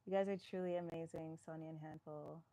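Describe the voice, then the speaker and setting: A woman's voice: sits low, fairly even intonation, brisk, dark tone. A woman from New York, a fitness live-stream host, chatting casually as she reads viewer comments aloud and answers them.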